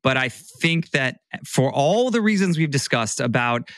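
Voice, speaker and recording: A man co-hosts a podcast in casual chat, rambling and restarting his sentences. The studio-quality recording is dry, and his medium-pitched voice is expressive and a bit bright, at a measured pace.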